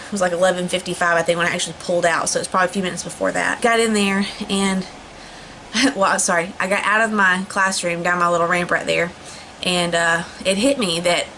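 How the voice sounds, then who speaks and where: A woman's voice: lowish voice, pushed and bright, slight background noise, low-quality recording. A young woman chatting casually to camera, rambling with lots of fillers and restarts. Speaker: vlogger. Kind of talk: casual storytelling vlog.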